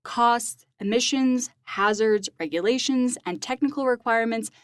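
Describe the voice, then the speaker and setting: A woman co-hosting a science podcast, sharing facts in an upbeat, semi-scripted way with quick asides. Her voice sits fairly high, and the studio sound is close and dry. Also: clean tone, no echo. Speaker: podcast co-host.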